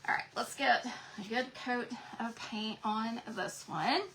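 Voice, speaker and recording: A woman's voice: a little high, steady tone, takes it slowly, a bit bright, a little hiss or hum, low-quality recording. A woman hosting a casual crafting livestream, chatting to viewers as she works. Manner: chatty, addresses viewers as y'all.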